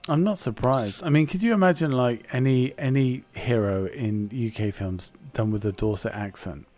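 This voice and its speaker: Brief: male podcast co-host, relaxed and jokey, medium pitch. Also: moderate pace. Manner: chatty, jokey, fond of mock impressions. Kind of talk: casual film chat.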